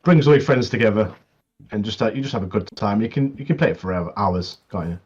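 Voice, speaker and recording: A man's voice: on the low side, fast talker, a little mellow, husky. A man co-hosting a casual gaming chat, laughing often and acting out little quotes. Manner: laughs often, acts out quotes, repeats words. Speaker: co-host. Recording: dull, lo-fi mic.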